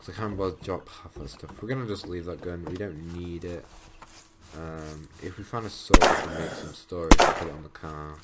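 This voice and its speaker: Low-voiced young man rambling over gameplay. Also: fairly even intonation, a little fast, very noisy. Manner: rambling, thinking aloud, frequent ums. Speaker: gameplay commentator. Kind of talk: casual let's-play commentary.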